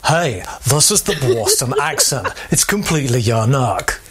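A man's voice: medium pitch, very animated, moderate pace, fairly bright tone, slightly rough. A man playing a fake male dialect coach who hops through exaggerated American accents, laughing through his lines. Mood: mock-confident. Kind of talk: comic recorded sketch.

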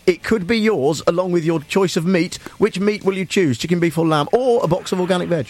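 A man's voice: sits high, brisk, darkish tone. A man hosting a radio show, joking dryly and laughing as he runs a game. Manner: jokey, dry, laughing often. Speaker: radio host.

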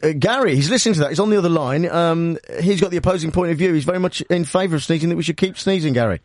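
A man's voice: on the high side, very fast, dry recording, studio quality. Hesitant, stumbling radio host man. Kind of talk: comic radio phone-in sketch.

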